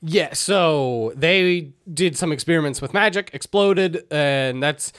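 A man's voice: fairly high pitch, takes it slowly. A man co-hosting a podcast, casually and profanely retelling a video game's story. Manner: animated retelling, acting out lines; profane, laughing. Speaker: podcast co-host. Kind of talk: casual podcast chat recapping a game.

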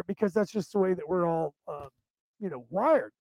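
A man's voice: high voice, moderate pace, darkish tone, dry recording, poor audio. A male show host chatting casually and telling long, anecdotal stories, often restarting his sentences as he goes. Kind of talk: casual rambling storytelling.

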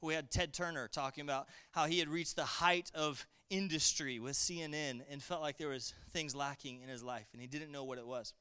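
A middle-aged man preaching a sermon in a conversational, energetic way, calling out to his congregation. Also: a little high, fairly quick, hardly any pauses, clear, resonant tone. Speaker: pastor.

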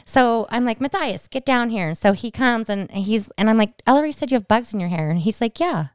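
A woman's voice: a little high, a little fast, clear, resonant tone, no echo, studio quality. A woman in her forties co-hosting a podcast, chatting casually and acting out family dialogue as she tells a story. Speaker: podcast co-host. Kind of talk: casual chat.

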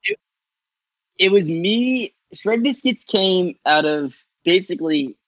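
Husky guy rambling casually. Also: high voice, animated, takes it slowly, a bit bright, no room sound, highs cut off. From Long Island, New York. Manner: loose and rambling, full of filler and swearing. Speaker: guest, artist. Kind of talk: casual podcast chat.

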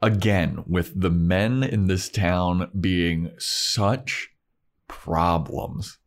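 A man's voice: deep voice, very slow. A man co-hosting a podcast, chatting casually and slangily while recapping an episode. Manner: laid-back, slangy. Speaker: podcast co-host.

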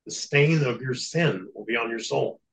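In an interview, a male guest earnestly and plainly relates a lengthy account of his exorcism experience. He speaks at medium pitch and moderate pace with a fairly bright tone, and the recording is rough.

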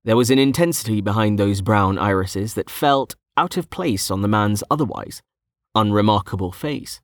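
A man narrating a fantasy story in a steady, scripted storytelling manner. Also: lowish voice, moderate pace, no echo, studio quality. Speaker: audiobook narrator.

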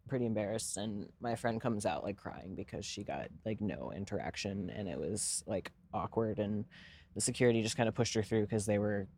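A man's voice: fairly low pitch, a little fast, darkish tone. A young man co-hosting a podcast, telling a long story in casual chat, rambling and swearing freely with lots of fillers. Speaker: podcast co-host.

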